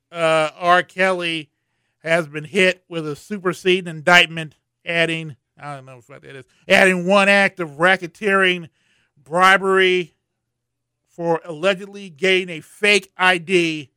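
A man running a profane, meandering comic take on current events, stumbling through fillers. His voice is slightly high, bright and smooth, recorded close and dry. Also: no room sound. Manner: profane, rambling, with many fillers. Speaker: comedian commenting on news. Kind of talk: comedic news commentary.

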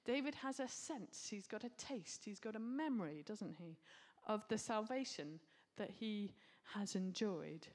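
A woman's voice: mid-range voice, animated, measured pace, few pauses, a little mellow. A woman preaching a sermon, earnest and reflective, with casual asides.

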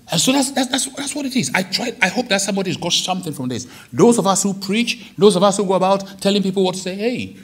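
A man preaching a sermon as a pastor, lively and digressive, with dramatic quoted lines. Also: a little high, slightly rough. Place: church hall.

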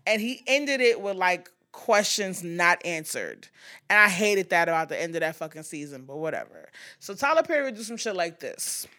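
A woman hosting a podcast in casual pop-culture chat, blunt and profane, acting out quotes with animated asides. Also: lowish voice, normal speed. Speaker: podcast host.

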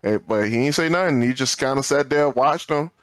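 A man's voice: mid-range voice, brisk, fairly bright tone, no echo. A man co-hosting a podcast in casual storytelling chat, acting out quoted dialogue and repeating words when he gets fired up. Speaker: podcast co-host.

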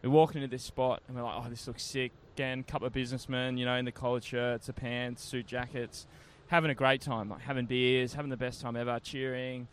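A man in a relaxed conversation, chatty and laid-back, telling a travel story with slang. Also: mid-range voice, fairly quick, hardly any pauses, a little hiss or hum. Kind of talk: casual storytelling chat.

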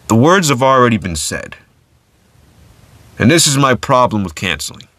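Solo podcast host, man, low bright tone, dead-dry room, loose chatty delivery. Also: dry recording. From United States. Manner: casual, conversational, many fillers and restarts.

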